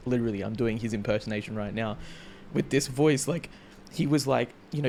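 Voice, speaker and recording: Gravelly-voiced excitable young man. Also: medium pitch, fairly quick, a little hiss or hum. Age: 20s. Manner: excitable, slangy, calls listeners bro and dude. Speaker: vlogger. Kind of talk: casual chat.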